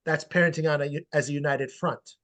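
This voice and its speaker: High-pitched guy, parenting coach on a video call, fired up and blunt, swears a bit. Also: brisk. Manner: animated and emphatic, blunt with casual swearing. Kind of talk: webinar interview answers.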